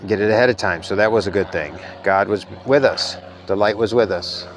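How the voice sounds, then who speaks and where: A man's voice: lowish voice, a little fast, slight background noise. A man giving an earnest, rambling spiritual talk in a casual monologue, sounding a little tired. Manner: earnest, rambling, soft-spoken. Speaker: spiritual vlogger.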